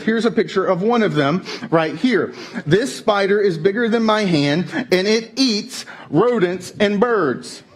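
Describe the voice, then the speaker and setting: High-voiced animated preacher. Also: male voice. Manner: animated storytelling, playful. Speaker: pastor. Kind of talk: sermon. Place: church service.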